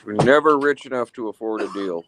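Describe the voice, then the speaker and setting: A man's voice: on the low side, brisk, background noise. Laid-back man mentioning deals. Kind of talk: casual chat.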